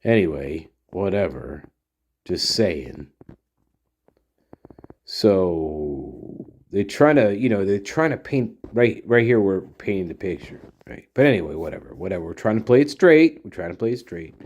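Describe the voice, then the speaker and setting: A man's voice: low-pitched, lively intonation, a little slow, darkish tone, dull audio. A man hosting a solo commentary show, rambling in a profane, sarcastic rant. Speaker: podcast host.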